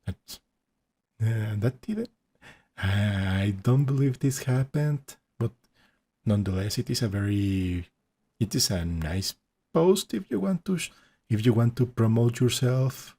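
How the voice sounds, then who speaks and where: A man's voice: mid-range voice, lively intonation, measured pace, dark tone, slightly rough. A man hosting a reaction video, commenting casually with hesitant restarts and frequent laughs.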